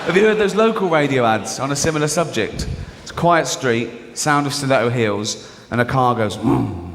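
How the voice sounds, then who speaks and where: A man performing a stand-up routine, dropping into low mumbled asides and jumping up into excited high outbursts. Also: normal speed, a little hiss or hum. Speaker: stand-up comedian. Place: large live venue before an audience. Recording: live stand-up in a big reverberant hall, audible audience.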